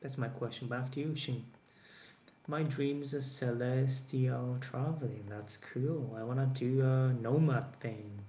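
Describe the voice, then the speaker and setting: A man from Japan in his twenties answers viewer questions on camera in a mellow, mid-range voice that stays steady and runs a little slow. A native Japanese speaker, he rambles casually with many fillers and restarts, and the room adds echo over faint background noise.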